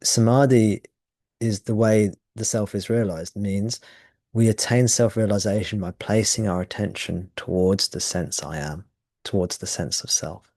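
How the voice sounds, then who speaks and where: A man's voice: on the low side, steady tone, measured pace, darkish tone, dry recording, clean studio sound. A man teaching at a satsang, explaining ideas thoughtfully and often restarting his phrases. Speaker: spiritual teacher. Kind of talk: satsang talk.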